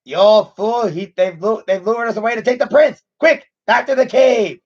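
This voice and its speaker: A man's voice: sits high, normal speed, voice pushed up. A man voicing an evil skeletal male sorcerer villain with barking, theatrical threats, on a slightly muffled lo-fi recording. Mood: menacing.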